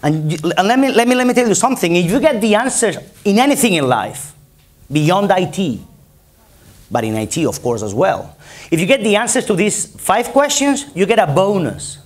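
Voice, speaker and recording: A man's voice: high voice, very animated, normal speed. A man from Spain with a Spanish accent, giving an emphatic conference keynote and rallying the audience with repetition. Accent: Spanish, from Barcelona. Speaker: conference speaker. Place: conference hall.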